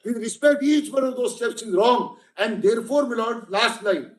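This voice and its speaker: An echoing courtroom holds an emphatic argument from a man with an Indian English accent, his voice extremely high and his speed normal. Before the judges, he repeatedly returns to "my lord."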